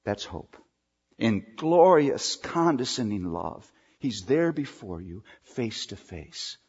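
A male pastor preaching a sermon in an emphatic way, drawing out key words with pauses. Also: mid-range voice, sing-song, a little mellow, breathy edge. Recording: dull recording with long hall reverb.

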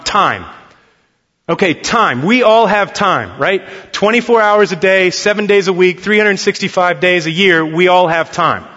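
Male pastor, thirties, earnest conversational sermon, bright tone, slightly high, dull reverberant hall recording. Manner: earnest, conversational preaching with audience prompts.

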